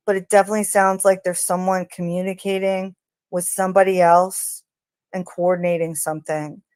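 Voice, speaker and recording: A woman hosting a true crime channel, talking casually in an unhurried, hesitant way with frequent ums. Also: on the low side, darkish tone, smooth, no room sound. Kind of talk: casual spoken commentary.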